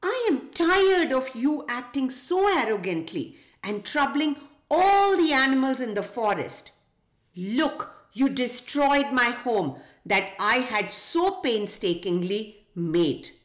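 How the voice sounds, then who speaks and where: A woman doing a shrill, defiant little grasshopper. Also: sing-song, slow, reverberant. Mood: indignant. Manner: shrill and screeching. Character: small brave angry male grasshopper.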